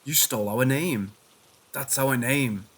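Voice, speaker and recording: A man's voice: medium pitch, slow pace, a bit bright. A man voicing a small, sneering woman in a helmet who taunts and swears, in a narrated horror story. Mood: menacing. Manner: taunting, foul-mouthed.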